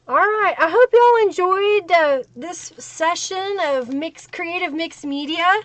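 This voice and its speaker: High-voiced woman hosting a live stream. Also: unhurried, fairly bright tone, no echo. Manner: chatty and upbeat, thanking viewers one by one. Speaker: craft live-stream host. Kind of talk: casual live-stream chat. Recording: dull lo-fi dry sound.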